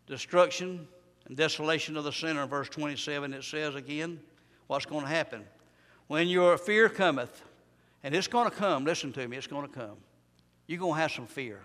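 A man preaching a fervent revival sermon in a church, rising loud and dropping to a hush. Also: mid-range voice, moderate pace, big-room sound. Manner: fervent, swings from loud to hushed. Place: church sanctuary.

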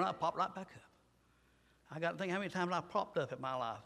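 A man's voice: fairly high pitch, a little fast, creaky, bright, forceful tone, in a large hall. An older man preaching a sermon, telling folksy stories and rising to emphatic bursts.

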